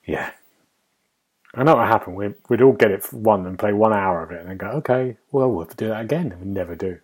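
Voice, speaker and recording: A man's voice: on the low side, fast talker, a little mellow, breathy edge. A man hosting a casual games podcast, talking in a wry, musing way that often trails off. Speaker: podcast host and game reviewer.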